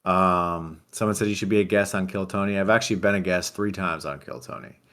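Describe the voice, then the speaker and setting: A man with a very low, deep voice reads viewers' chat questions as a livestream guest, answering fairly quickly in a flat, deadpan way. He talks casually into a desk mic at a home streaming setup, and it sounds like relaxed livestream chat.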